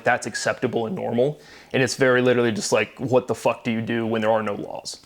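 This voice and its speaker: Vlogger, male, mid-pitched voice; long agitated rambling monologue, repetitive, profane. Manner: swears often. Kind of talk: solo monologue to camera.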